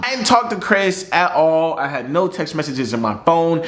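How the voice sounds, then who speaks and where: A young man telling a personal story in a casual vlog, animated, slangy and profane. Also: a little high, moderate pace.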